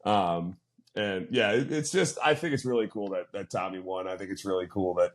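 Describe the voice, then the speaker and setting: Casual podcast co-host, male, low-pitched voice, rambling, animated storyteller. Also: normal speed. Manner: rambling, animated retelling with quoted asides. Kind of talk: casual chat.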